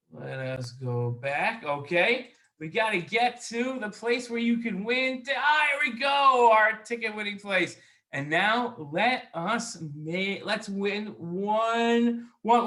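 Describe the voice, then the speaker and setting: Guy hosting a kids show, high bright voice, takes it slow and upbeat. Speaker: kids' show host. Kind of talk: children's game show hosting.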